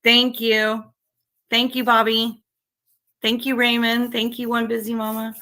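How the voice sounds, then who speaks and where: A woman with a light drawl chats slowly on a livestream, her bright, forward voice stopping and restarting around fillers. She keeps greeting viewers and saying how excited and thankful she is. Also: on the high side. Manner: halting, many fillers and restarts. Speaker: livestream host.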